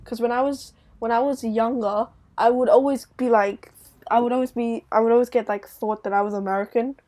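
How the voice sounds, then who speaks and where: A woman's voice: on the high side, steady tone, brisk, warm tone. A young woman with a light British accent, co-hosting a podcast in loose, rambling casual chat and laughing easily. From Britain.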